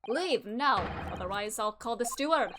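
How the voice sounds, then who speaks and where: A woman's voice: fairly high pitch, animated, normal speed, noisy background, natural voice. A woman voicing a suspicious old male traveler with a put-on Russian accent, curt and hostile.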